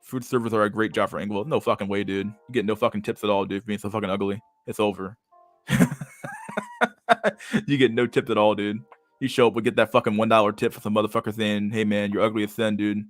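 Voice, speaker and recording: A man's voice: on the low side, level tone, fast talker, dry recording, faint music behind. A young man hosting a casual livestream, talking over videos in a rambling, profane way and repeating his words. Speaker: streamer host.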